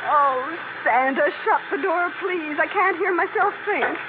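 A woman as a fussing, high-voiced Mrs. Claus. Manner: fussing, warm-hearted, brisk. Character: busy motherly older Mrs. Claus. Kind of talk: 1940s radio drama. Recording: noisy tinny old radio recording.

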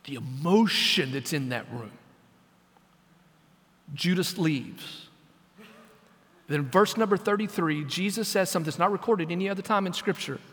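A man preaching as senior pastor, dramatic, dropping to a hush and then rising to loud, pleading questions. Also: high voice, normal speed, pauses often, husky, long reverb tail. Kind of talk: sermon.

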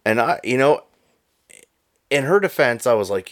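A man's voice: medium pitch, normal speed, dry recording. Guy co-hosting a podcast, swears a lot, rants, dry close sound. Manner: profane, ranting, animated. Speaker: podcast co-host. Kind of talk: casual chat.

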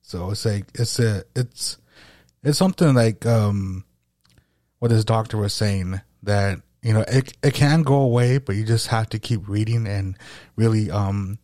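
A man's voice: lowish voice, warm tone, no room sound, clean studio sound. A man hosting a casual podcast conversation, talking with a slight lisp and often stopping to search for his words. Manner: halting, with frequent restarts and searching for words. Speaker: podcast host.

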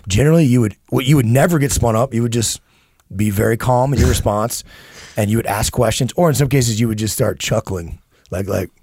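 Husky-voiced man, earnest and stammering. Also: medium pitch, fairly quick, a little mellow, no room sound, studio quality. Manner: earnest, many restarts and repeated words. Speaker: podcast co-host. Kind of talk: casual conversation.

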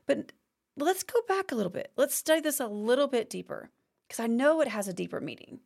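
A woman hosts a faith-based teaching podcast in a fairly high voice, speaking close to the mic. She talks expressively and slips into acted-out complaining prayers. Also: sing-song, a little fast, gravelly, darkish tone. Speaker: podcast host.

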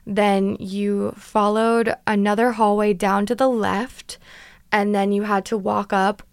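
Smooth-voiced young woman telling a story. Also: medium pitch, flat delivery, no echo, studio quality. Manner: chatty, dramatic retelling with quick asides. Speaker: vlogger. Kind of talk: casual storytelling vlog.

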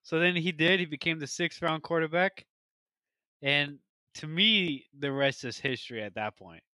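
A bright, forceful man with a fairly high voice, rattling off football stats in a casual podcast chat. He gets excited and restarts his sentences. The sound is dry and close. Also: normal speed, dry recording. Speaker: podcast co-host.

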